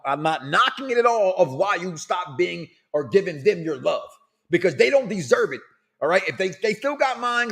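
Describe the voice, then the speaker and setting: A middle-aged man hosting a casual talk show, loud and animated, reading out listener comments and laughing often. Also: high-pitched, creaky. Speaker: podcast host.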